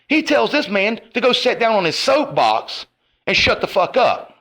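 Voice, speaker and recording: A man's voice: high-pitched, big pitch swings, moderate pace, fairly bright tone. Furious, foul-mouthed man ranting. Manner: profane, confrontational, rising and falling in heat. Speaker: online commentator. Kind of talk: angry rant to camera.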